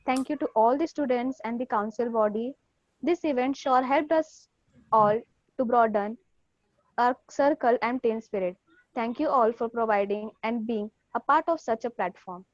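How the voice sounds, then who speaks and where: A young woman hosting a college event, reading upbeat, formal announcements and thanks. Her voice is a little high. The recording is dull and lo-fi, with a dry sound. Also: normal speed, no room sound. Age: young adult. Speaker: event host.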